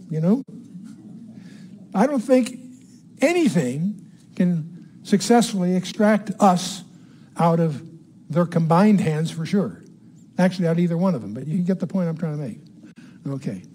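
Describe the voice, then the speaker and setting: An older man teaching the Bible verse by verse in a conversational way, reading scripture slowly with emphasis and putting quick questions to his listeners. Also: high voice, mellow, a little hiss or hum.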